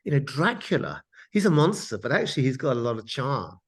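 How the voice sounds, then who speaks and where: A man, an author, telling animated stories in an interview. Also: mid-range voice, a little fast, breathy edge. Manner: animated storyteller. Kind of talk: interview, anecdotal storytelling.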